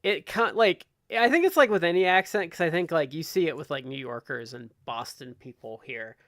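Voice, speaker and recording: A man's voice: on the high side, expressive, normal speed, a bit bright, no room sound, studio quality. A man from Ohio hosting a casual podcast chat, rambling along with lots of "like" and restarts. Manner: rambling, heavy use of "like" and restarts. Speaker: podcast host.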